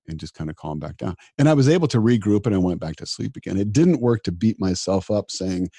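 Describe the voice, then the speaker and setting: A man's voice: sits low, lively intonation, quick pace, vocal fry, hardly any pauses, mellow, slightly rough, dry recording, clean studio sound. A middle-aged man, a disaster physician, talking earnestly in an interview and often repeating words as he starts a sentence. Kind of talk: reflective interview talk.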